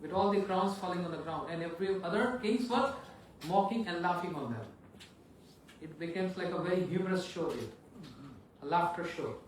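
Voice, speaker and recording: A man preaching with a dramatic storyteller's flair in a high voice. He sounds distant, his words echoing around a large hall. A faint noise hums beneath. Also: moderate pace. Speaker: monk preacher. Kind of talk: sermon storytelling.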